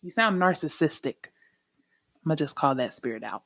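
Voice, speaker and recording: A woman hosting a faith-based podcast chat, with a lowish voice and an emphatic, animated way of telling a story. She sounds close and dry, with no room around her. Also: moderate pace, no room sound. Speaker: podcast host.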